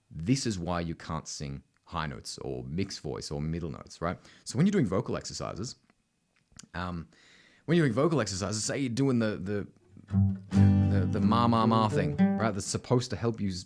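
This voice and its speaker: Aussie male vocal coach, casual teaching style, animated delivery, keeps checking in with the listener. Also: low voice, moderate pace, over loud music. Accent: Australian. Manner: conversational, constant "right?" tags, sings demonstrations. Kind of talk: casual instructional talk.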